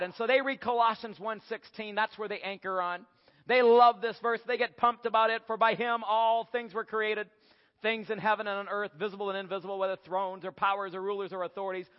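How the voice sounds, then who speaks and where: A high-pitched man preaching a sermon with emphatic swings, rising to near-shouts and dropping low. The recording is muffled and carries a long hall reverb, as if captured in a church sanctuary.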